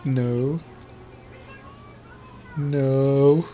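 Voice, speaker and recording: A man's voice: mid-range voice, flat delivery, extremely slow, mellow, slight background noise. A man chatting at home with his girlfriend, teasing and playful. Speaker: vlogger's boyfriend. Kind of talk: casual home chat.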